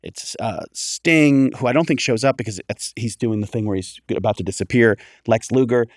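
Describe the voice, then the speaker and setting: A man's voice: medium pitch, moderate pace, dry recording. Dry-sounding man telling a story. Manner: animated storyteller, acts out quoted voices. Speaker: podcast guest. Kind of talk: casual storytelling on a comedy podcast.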